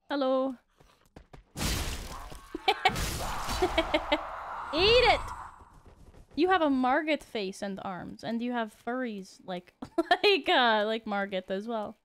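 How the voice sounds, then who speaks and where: A woman's voice: on the high side, sing-song, drawn-out words, long pauses, slight background noise. A woman streaming a game, chatting playfully with viewers and giggling often. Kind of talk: casual gaming commentary.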